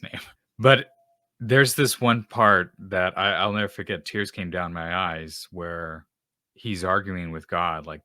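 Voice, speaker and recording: Host type: low-pitched man with a bright, forceful voice, earnest casual faith talk, dry close sound. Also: no echo. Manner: earnest and conversational, with frequent restarts. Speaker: host of a Christian podcast.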